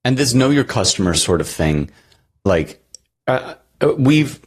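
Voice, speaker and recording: A man's voice: medium pitch, big pitch swings, unhurried, husky. A man co-hosting a podcast, talking casually and rambling with many fillers. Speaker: podcast co-host. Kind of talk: casual chat.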